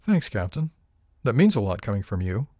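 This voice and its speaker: A man voicing a composed, wealthy young woman in an audiobook, calm and matter-of-fact. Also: on the low side, normal speed, dry recording, clean studio sound.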